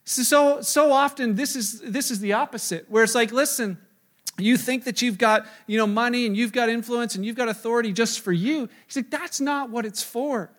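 A middle-aged male pastor with a fairly high voice preaches to his congregation. He tells stories with animated energy, acts out what he said and thought, and pokes fun at himself along the way. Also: brisk. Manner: animated storytelling, acts out his own quoted lines, self-mocking. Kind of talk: sermon with personal story.

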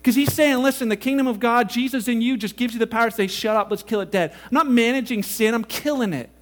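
A male pastor with a strikingly high voice, preaching a sermon. He talks in a loose, animated way and keeps slipping into little acted-out voices of the people he describes. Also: fast talker. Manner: animated, acts out quoted voices.

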